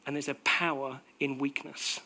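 A man preaching a sermon in a conversational, animated way, acting out little quotes as he goes. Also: medium pitch, normal speed.

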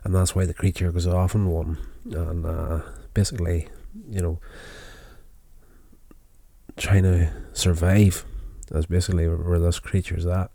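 A man's voice: deep voice, flat delivery, measured pace, vocal fry, dark tone, dry recording. A tired man casually recapping a television episode, rambling with many fillers and restarts. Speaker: show recapper.

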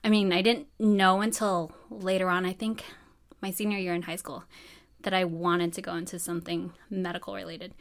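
A woman's voice: lowish voice, level tone, moderate pace. A woman from New Mexico telling her own story in a casual, chatty way, full of fillers and acted-out dialogue. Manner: chatty, many fillers, acts out quoted dialogue.

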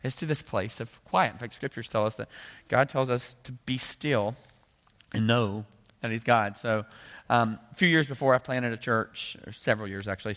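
A man's voice: fairly low pitch, a bit bright. A man preaching a sermon, telling a candid personal story in a conversational way with many asides. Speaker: pastor.

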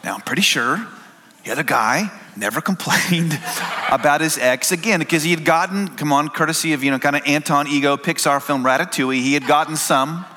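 A man preaching a sermon, telling stories in a relaxed, conversational way with small restarts. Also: a little high, a little fast, slight background noise. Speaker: pastor.

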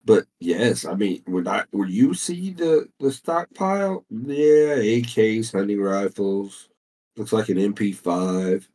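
A man's voice: on the low side, sing-song, slow, dark tone. A man, co-hosting a casual comedy chat and relaxedly reading out odd news items. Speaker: podcast co-host.

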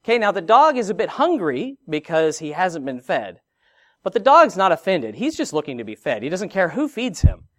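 A middle-aged man preaching with a lively, expressive voice that climbs and drops often. His pitch sits a little high for a man. The sound is close and dry, with no room echo. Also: moderate pace. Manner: expressive preaching with rhetorical questions and asides. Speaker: pastor. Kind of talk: sermon.

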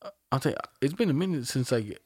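A man's voice: medium pitch, lively intonation, fast, darkish tone, slightly rough, dry recording, studio quality. A young man in casual chat, laid-back and slangy, often laughing.

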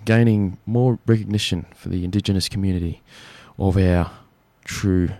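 A man's voice: sits low, fairly even intonation, normal speed, darkish tone, no echo. A young Australian man hosting a community radio show, chatting casually and jokily with plenty of fillers. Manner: chatty, jokey, rambling with fillers.

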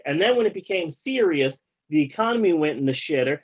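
High-voiced man ranting profanely. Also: expressive, brisk, few pauses, husky, highs cut off. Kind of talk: casual ranting chat.

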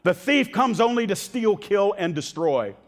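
A man preaching a sermon as pastor, impassioned and emphatic, rising at times to shouts. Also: sits high, animated, measured pace. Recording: long hall reverb.

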